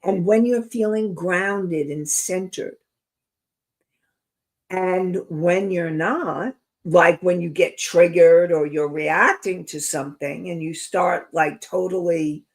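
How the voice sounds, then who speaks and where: A woman's voice: fairly low pitch, takes it slowly. A woman hosting a self-help talk show, speaking earnestly and reflectively, addressing her listeners directly. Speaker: host. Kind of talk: inspirational talk show monologue.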